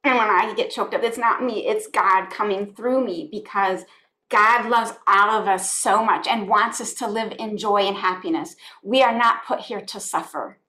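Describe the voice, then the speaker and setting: A woman's voice: mid-range voice, normal speed, pushed and bright. A woman guest on a podcast, a spiritual life coach from the United States, talking in an earnest, heartfelt way, often repeating phrases. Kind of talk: conversational podcast interview.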